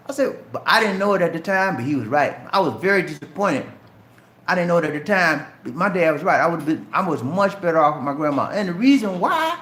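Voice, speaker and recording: With a high-pitched voice, lively intonation, normal speed, and a fairly bright tone in an echoey room, a middle-aged Charleston, South Carolina man answers viewer questions on a live stream. He has a light Southern Geechee accent and a chatty manner, speaking directly to viewers as "man" and "bro."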